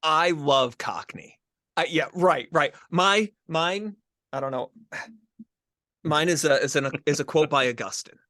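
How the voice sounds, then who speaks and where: A middle-aged man from the northern United States, co-hosting a casual podcast chat with a joking, animated manner and quick restarts. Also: fairly high pitch, no room sound, studio quality. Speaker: podcast co-host.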